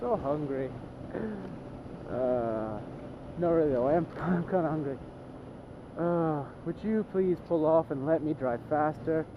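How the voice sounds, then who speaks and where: A man's voice: fairly high pitch, a little slow, long pauses, highs cut off. A young man talking casually to the camera while he drives, rambling and self-deprecating, with many restarts. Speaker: vlogger. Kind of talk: casual driving vlog. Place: inside a moving car. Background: car and road noise.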